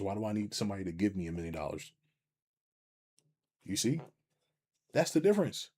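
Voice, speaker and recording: A middle-aged man giving a blunt, profane, animated rant as a business coach, talking to his livestream viewers and reading their chat. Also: fairly low pitch.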